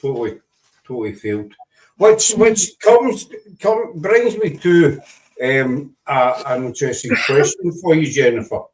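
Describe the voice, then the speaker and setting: A man's voice: on the high side, animated, unhurried, a little mellow. Scottish male podcast host, playful ribbing, slightly distant recording. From Scotland. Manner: teasing, playful, chatty. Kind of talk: casual chat. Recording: voice distant from the mic.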